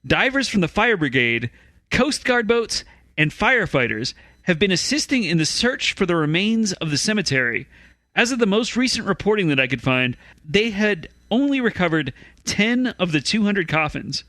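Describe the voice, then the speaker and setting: A man hosting a comedy news podcast, reading a story and steering the segment in a slightly halting way. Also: high-pitched, big pitch swings, sharp tone, no room sound. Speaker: podcast host presenting news stories. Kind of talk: mock news reading and casual chat.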